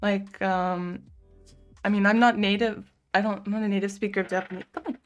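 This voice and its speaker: Brisk and fairly even in intonation, a young woman's medium-pitched voice carries over soft background music. She's from the US, live-streaming at home, replying to comments chattily with frequent "like" fillers and soft coos to her cat.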